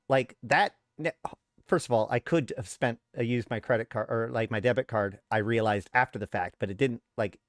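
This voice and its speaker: A man's voice: medium pitch, no echo, studio quality. A man hosting his show, telling a frustrated story in a casual rant and acting out what other people told him. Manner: animated storyteller, acts out others' replies. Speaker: show host. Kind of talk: casual rant to a live audience.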